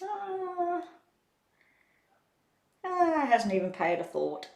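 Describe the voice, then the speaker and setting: A woman's voice: extremely high pitch, very slow, creaky. Woman giving a live tarot reading. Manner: relaxed, rambling, chats while eating. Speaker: tarot reader.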